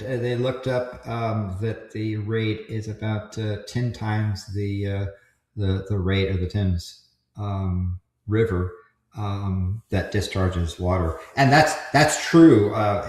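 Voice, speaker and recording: A man's voice: lowish voice, a little mellow, reverberant. A man co-hosting a casual livestream, explaining volcano measurements with lots of restarts and fillers. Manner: halting, many restarts and fillers, joking asides. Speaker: co-host explaining volcano science.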